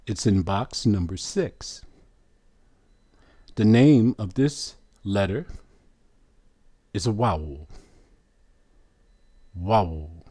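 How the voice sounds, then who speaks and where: A man teaching a lesson from a letter chart, asking questions and repeating each sound slowly. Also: fairly low pitch, warm tone, no room sound.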